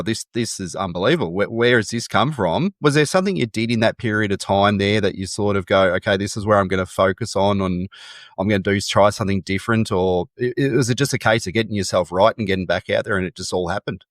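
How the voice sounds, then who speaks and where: A man's voice: fairly low pitch, fast talker, no room sound, studio quality. A man co-hosting a podcast, asking long winding questions with restarts. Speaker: podcast co-host.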